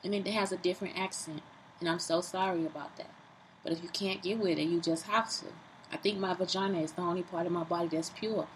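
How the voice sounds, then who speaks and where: A woman talking casually and profanely into her phone camera, lively, self-mocking and rambling. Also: on the low side, quick pace, slight background noise, poor audio. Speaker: vlogger. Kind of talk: casual vlog monologue.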